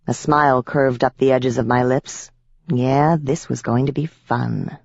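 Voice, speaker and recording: A woman's voice: very deep voice, a little slow, vocal fry, dry recording, dull audio. Woman narrating a wry audiobook. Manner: wry, lively first-person storytelling. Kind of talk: first-person audiobook narration.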